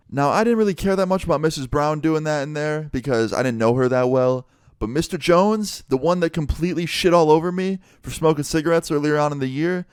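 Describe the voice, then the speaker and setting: A young man telling a casual, profane storytime vlog in an animated way. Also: on the high side, clean tone, no room sound, studio quality. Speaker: vlogger.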